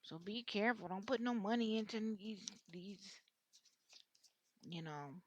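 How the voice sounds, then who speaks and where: A woman's voice: mid-range voice, measured pace, highs cut off, a little hiss or hum. Blunt, cussing woman reading tarot. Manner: blunt, slangy and openly vulgar; rambling, with frequent restarts. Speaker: tarot reader. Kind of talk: casual tarot reading monologue.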